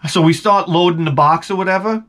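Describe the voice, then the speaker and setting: A man with a young son, telling a rambling, animated story as a toy collecting vlogger. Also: high voice, brisk. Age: adult with a young son. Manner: rambling, animated, acts out quoted voices. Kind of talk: casual storytelling monologue.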